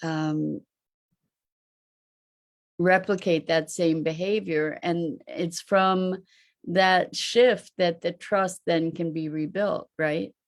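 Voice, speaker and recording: A woman's voice: on the low side, fairly even intonation, slow. A woman hosting a reflective live online talk, musing aloud and posing rhetorical questions. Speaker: host and teacher.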